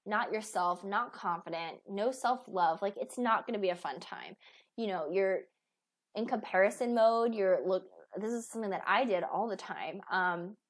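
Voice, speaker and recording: A woman in her thirties, a weight loss coach, giving a casual motivational talk full of fillers and restarts. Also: medium pitch. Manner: chatty, with many fillers and restarts.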